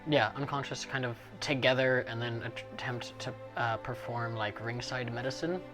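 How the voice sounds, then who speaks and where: A man's voice: mid-range voice, fairly even intonation, moderate pace, music in the background. A man playing in a tabletop role-playing game, arguing his case insistently. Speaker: player. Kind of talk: casual role-play chat.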